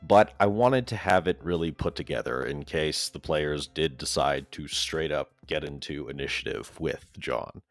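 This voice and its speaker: A man, the game master, speaking an aside to listeners in a relaxed, explanatory way. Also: a bass voice, moderate pace, hardly any pauses, no echo, soft background music. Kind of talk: aside to the audience.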